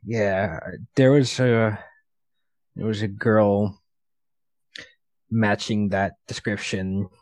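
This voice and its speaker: Casting: male player, lowish voice, slow calm delivery, dry close sound. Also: dry recording, poor audio. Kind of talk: in-character tabletop role-play.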